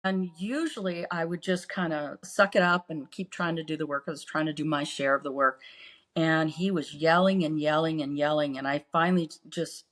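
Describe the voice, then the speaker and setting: A woman's voice: low-pitched, fairly even intonation, normal speed. A woman co-hosting a podcast, earnestly recounting painful memories in casual storytelling. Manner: earnest, re-lives painful memories, acts out quotes. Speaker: podcast co-host.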